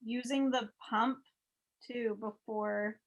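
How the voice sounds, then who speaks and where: A woman's voice: a little high, steady tone, takes it slowly, muffled recording. A pregnant woman talking candidly and casually about her birth plans, swearing freely. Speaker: expectant mother. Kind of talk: casual conversation.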